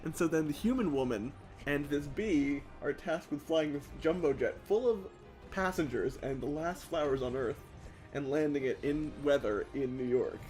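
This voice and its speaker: A man's voice: fairly high pitch, normal speed, a little mellow, soft background music. A man co-hosting a comedy podcast, telling an improvised story and laughing at his own jokes.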